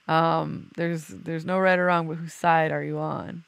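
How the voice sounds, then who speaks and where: Woman podcast host, chatty and loose, easy laugh, gravelly edge, dry close sound. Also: deep voice, level tone, a little slow, few pauses, no room sound. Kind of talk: casual chat.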